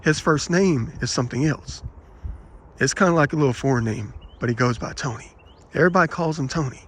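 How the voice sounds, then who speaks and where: A man vlogging, telling rambling personal anecdotes in an aggrieved, animated way and quoting the people in them. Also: mid-range voice, brisk, slight background noise. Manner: aggrieved, animated retelling with quoted dialogue.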